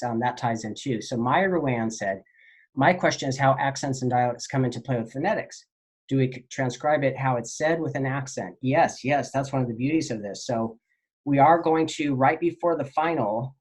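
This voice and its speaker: Man teacher, casual lecture, student questions, rambling, lots of ums. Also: medium pitch. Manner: relaxed, rambling, with many fillers.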